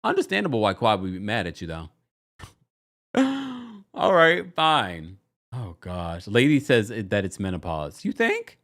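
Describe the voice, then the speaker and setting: A man hosting a casual livestream recap, chatty and animated, often breaking into exaggerated quotes of the people he talks about. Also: measured pace. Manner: animated, chatty, slips into quoting people in exaggerated high voices. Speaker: podcast host recapping a reality show.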